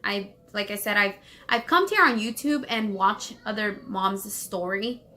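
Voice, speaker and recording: Bright-voiced vlogging woman holding back tears. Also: medium pitch. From Los Angeles, United States. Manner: rapid rambling with many fillers and restarts. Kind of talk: emotional personal storytelling.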